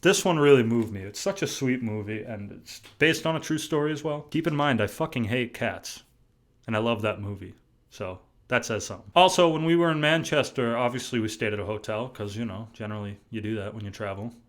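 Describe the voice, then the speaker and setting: A man's voice: mid-range voice, a little fast. A young man from New England talking casually to camera in a vlog, chatty and full of restarts, swearing now and then. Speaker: vlogger.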